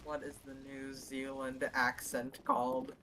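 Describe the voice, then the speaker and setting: Female streamer, slow and bright, hugely animated pitch, slight hiss. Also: gravelly, poor audio. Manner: giggly, incredulous, repeats herself. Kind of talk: casual chat on a live stream.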